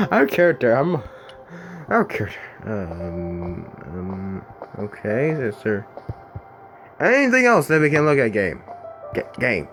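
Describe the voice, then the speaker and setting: A man's voice: mid-range voice, wildly swooping pitch, slow, a bit bright. A man playing a video game, casually commenting and muttering self-deprecating remarks to himself. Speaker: let's play gamer. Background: game music.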